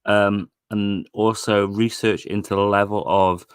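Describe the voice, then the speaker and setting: A man in a casual online group chat, talking softly and hesitantly with many fillers. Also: fairly low pitch, little pitch movement, a little slow, smooth, no echo, clean studio sound.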